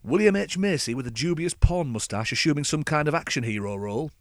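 A man's voice: a little high, expressive, fast talker, dry recording. A man hosting a podcast, telling a scripted comic rant in a sardonic, dry way. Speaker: podcast host.

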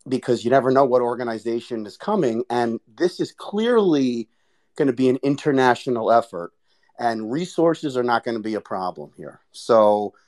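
A man's voice: mid-range voice, lively intonation, normal speed, darkish tone. Earnest man giving a warning. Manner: earnest, cautionary, with fillers. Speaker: panel guest. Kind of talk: casual panel discussion.

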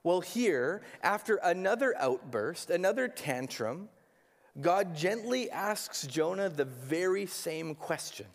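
High-voiced, slow-speaking male preacher. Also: animated. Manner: earnest preaching with rhetorical questions. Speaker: pastor. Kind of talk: sermon. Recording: hall with long reverb.

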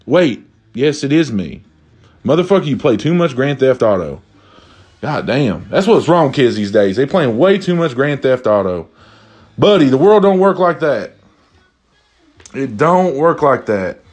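Young guy cussing and rambling thru a funny rant, lots of likes and restarts. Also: on the high side. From Kentucky. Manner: rambling, swears constantly, many restarts and fillers. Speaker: vlogger. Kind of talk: profane comedic rant.

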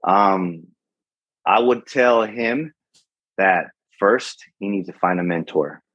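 A man's voice: deep voice, slow, no echo. A retired Navy chief in his forties, a podcast guest, talking earnestly and encouragingly with plenty of fillers and restarts. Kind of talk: casual interview talk. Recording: dull, muffled podcast audio.

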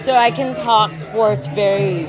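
A woman co-hosting a podcast, bantering loudly and swearing through casual chat. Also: mid-range voice, a little slow. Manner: loud, swearing, joking banter. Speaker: podcast co-host. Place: bar. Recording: noisy bar with music and crowd. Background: music and crowd chatter.

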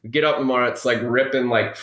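A man's voice: mid-range voice, racing. A man telling a long, rambling story in casual conversation as a podcast guest, acting out the people he quotes. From Minnesota. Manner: rambling, animated anecdote with quoted dialogue. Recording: roomy echo.

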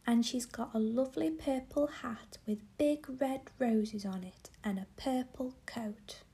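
A sweet, loving little girl from a storybook, whispered by a woman reading aloud. Whispered role-play, higher than the narration and mellow, with a faint gravelly edge. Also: measured pace.

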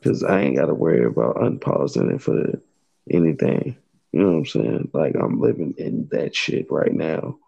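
Male co-host, deep gravelly voice, husky and dark, slightly tipsy, laid-back slang. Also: very animated, normal speed, lo-fi sound. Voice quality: very low, gravelly voice. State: tipsy after a couple drinks. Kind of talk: casual chat.

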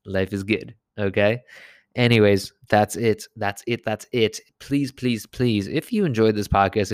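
A man hosting a solo health podcast, speaking close to the mic in a dry, deadened room. His lowish voice is smooth and clear, and he gives emphatic, upbeat advice, often repeating his points. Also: dry recording. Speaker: podcast host and health coach.

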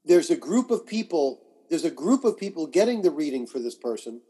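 A man being interviewed as a guest astrologer and author, telling animated anecdotes and acting out the quotes. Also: a little high, fairly quick, husky. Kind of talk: conversational storytelling.

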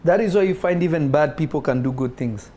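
A man preaches a sermon to a live congregation and an online audience. His voice sits a little high and he delivers with animation, speaking to listeners directly and voicing God's words himself. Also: fairly quick, dark tone, slight background noise.

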